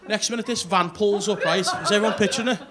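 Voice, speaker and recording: A man's voice: high voice, fast talker. A man performing a stand-up comedy set on a club stage, telling a crude story full of swearing and ribbing the audience. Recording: loud club crowd laughing.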